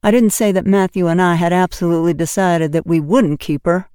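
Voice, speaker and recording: A woman voicing a stern, brisk middle-aged spinster woman who speaks severely. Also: fairly low pitch, steady tone, mellow, clear, resonant tone, no room sound, clean studio sound, lightly acted. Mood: measured.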